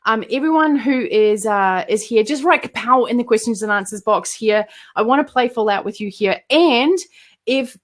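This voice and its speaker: A woman's voice: on the high side, normal speed. A woman, a bubbly and exclamatory entrepreneur speaking as the guest of a live online interview.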